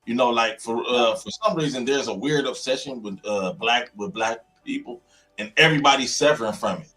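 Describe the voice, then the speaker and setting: A man's voice: medium pitch, a little fast, bright, forceful tone, soft background music. A man in a casual panel talk, blunt and emphatic, repeating points for weight.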